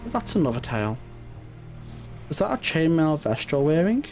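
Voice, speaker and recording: A man's voice: fairly high pitch, sing-song, normal speed, a little mellow. A man voicing a seasoned old sailor in a game reading, telling his tale matter-of-factly. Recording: muffled stream audio, faint music.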